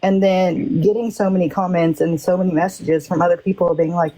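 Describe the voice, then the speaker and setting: A woman's voice: lowish voice, fairly even intonation, fairly quick, warm tone, poor audio. A woman in a casual group discussion, telling a personal story candidly and emphatically, acting out what others said. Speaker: panel participant.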